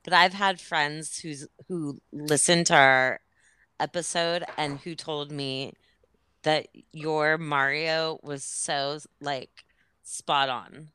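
Low, slow, crisp-voiced woman. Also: fairly even intonation, bright, forceful tone, no room sound. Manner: rambling, laughing, self-interrupting. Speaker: podcast host. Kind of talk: casual chat.

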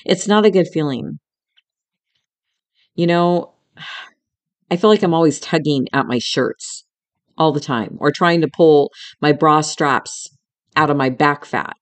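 A middle-aged podcast host with a low voice talks slowly, pausing often. She tells a personal story frankly and emotionally, swears now and then, and speaks to the listener as though they were a friend.

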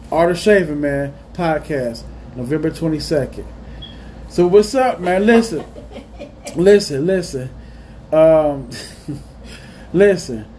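A man's voice: high-pitched, warm tone, slight background noise. A man hosting his own podcast, ranting in a heated, repetitive way and saying "man" again and again. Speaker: podcast host. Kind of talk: ranting monologue.

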